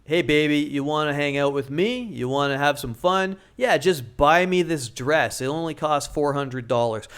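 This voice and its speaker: A man's voice: a little high, moderate pace, few pauses, fairly bright tone, clean tone. A man doing a sugary, coaxing young woman.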